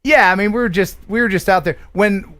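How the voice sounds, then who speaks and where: A man from the USA hosts a casual live stream, chatting and joking as he goes. His voice sits fairly high. He often restarts his sentences mid-thought. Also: brisk, a bit bright. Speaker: live stream show host.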